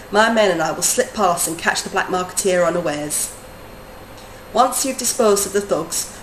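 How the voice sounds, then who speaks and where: A bold male mercenary leader from a fantasy game barks orders in a thick Birmingham accent, as a woman puts him on. The delivery is brisk and exaggerated. The voice rings in a roomy, echoing space. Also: medium pitch, a little hiss or hum, lightly acted. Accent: put-on Birmingham. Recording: roomy echo.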